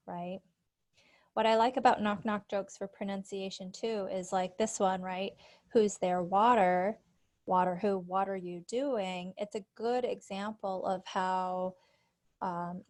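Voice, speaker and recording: A woman's voice: mid-range voice, darkish tone. Woman explaining teaching activities. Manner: friendly, explanatory, with frequent fillers. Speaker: speech-language pathologist presenting to teachers. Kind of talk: conference presentation, screen-share walkthrough.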